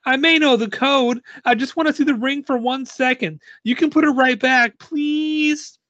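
A man voicing an eerie little ghost girl who pleads in a high Valley Girl tone. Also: lively intonation, slow pace, fairly bright tone, dry recording, full character voice. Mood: pleading. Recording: dull lo-fi sound, dry.

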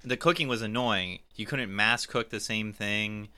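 Bright-voiced man rambling in casual chat. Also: on the low side, measured pace, clean tone. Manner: rambling, many likes. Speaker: podcast co-host.

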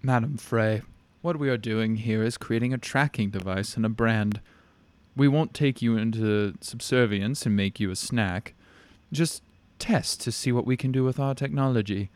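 A man voicing a calm, cruel alien creature. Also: medium pitch, moderate pace, no room sound, close to an everyday voice. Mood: calm menace. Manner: calm, matter-of-fact menace.

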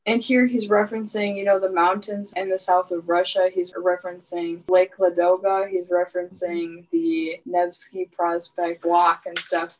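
A woman's voice: fairly low pitch, level tone, moderate pace, few pauses, low-quality recording. A woman, a research assistant, giving wry, skeptical takes in a casual podcast discussion.

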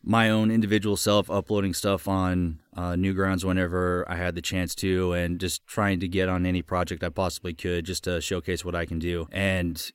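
A man in his twenties, a guest voice actor chatting casually on a podcast, upbeat and quick to laugh, often repeating words as he goes. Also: deep voice, little pitch movement, clean tone, dry recording, studio quality.

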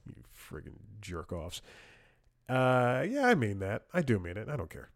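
A man with a slightly low voice hosts a casual comedic podcast. He rambles and restarts his sentences, chuckling at his own story, all recorded on a close, dry mic with no room sound. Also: animated, measured pace, no room sound. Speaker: podcast host.

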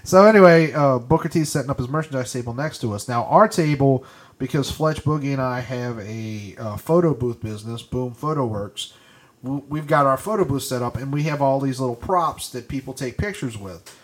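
A man co-hosting a podcast, telling a story in casual chat, getting louder and higher as it builds. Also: a little fast. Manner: animated storyteller, gets loud and high when retelling. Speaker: podcast co-host. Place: podcast studio.

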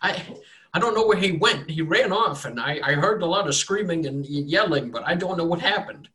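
A man's voice: a little high, lively intonation, moderate pace, bright, forceful tone, recorded from a distance, pitched above the performer's own voice. A man voicing a distraught old male farmer who stammers and begs to be believed. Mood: tearful. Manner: frantic, stammering, begging.

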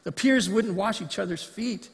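A man preaching from the pulpit with a high voice, animated and fond of acting out the voices he quotes. The sound carries a long reverb from the church sanctuary around him. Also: normal speed, gravelly. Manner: animated, acts out quoted lines. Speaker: pastor. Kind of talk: sermon.

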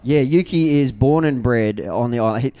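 An Australian man in a band, talking in a rambling, excitable way with many restarts in a casual interview. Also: medium pitch, moderate pace, dry recording. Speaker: band member.

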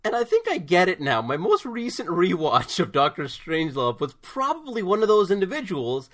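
Animated, giggly man on a podcast. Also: sits high, normal speed. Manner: animated, giggly, retells sketches. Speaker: podcast co-host. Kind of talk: casual chat about films.

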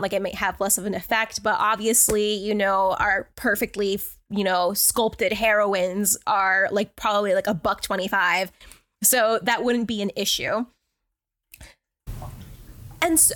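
A woman co-hosting a podcast, chatting casually and reading novel excerpts, animated, exasperated and swearing freely. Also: medium pitch. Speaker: podcast co-host. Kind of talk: casual book-club chat.

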